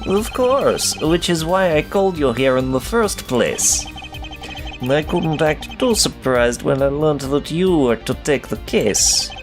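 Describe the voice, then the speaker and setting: A man's voice: a little high, expressive, slow, music in the background, pitched above the performer's own voice. A man voicing a smug young male prosecutor with a put-on German accent, formal and teasing.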